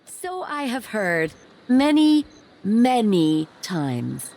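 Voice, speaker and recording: A man's voice: high voice, sing-song, drawn-out words, creaky, darkish tone, voice pushed up, full character voice. A man voicing a sly young island woman who mocks an official with dry, teasing retorts.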